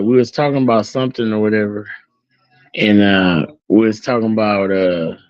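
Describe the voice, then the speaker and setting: A man's voice: on the low side, no room sound. Earnest man talking casually, dull audio. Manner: earnest, repetitive, filled with "you know what I'm saying". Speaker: host. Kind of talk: casual heartfelt talk.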